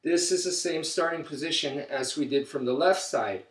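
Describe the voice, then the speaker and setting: A man's voice: fairly high pitch, normal speed. A man teaching stick-fighting drills, counting each strike aloud as he demonstrates. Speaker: martial arts instructor. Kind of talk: instructional demonstration. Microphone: camera mic from a distance. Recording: roomy, distant camera audio.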